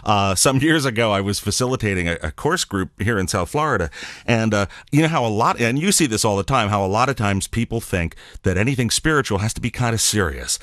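Jokey low-voiced male podcast host. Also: fairly bright tone, no room sound, clean studio sound. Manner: jokey, laughs while telling stories. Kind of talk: casual podcast conversation.

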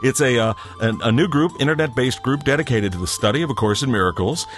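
A man's voice: mid-range voice, quick pace, faint music behind. A man hosting a podcast, chatting casually and reading out announcements in a rambling, self-deprecating way. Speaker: podcast host.

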